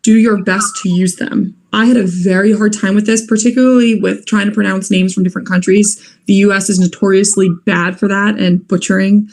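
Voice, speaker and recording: A woman's voice: mid-range voice, steady tone, brisk, few pauses, a little mellow. A young woman giving practical advice on moot court arguments in an informal, earnest way, with fillers and restarts. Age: young adult.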